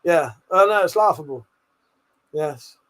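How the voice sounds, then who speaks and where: A man's voice: on the high side, expressive, measured pace, a bit bright. A man hosting a live stream, laughing and swearing as he reads out viewer comments. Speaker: livestream host. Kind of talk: casual live-stream chat.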